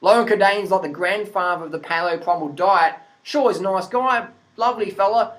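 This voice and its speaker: An Australian vlogger from Adelaide, South Australia, delivers a blunt, sarcastic, profane rant, laughing often. His voice sits high and a bit bright, his pace is brisk, and the recording quality is low.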